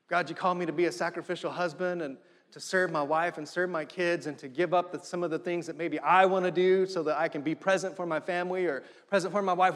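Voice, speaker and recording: A man's voice: a little high, steady tone, quick pace, fairly bright tone. A middle-aged man preaching a sermon as pastor, driving points home with repetition and rising emphasis. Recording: long hall reverb.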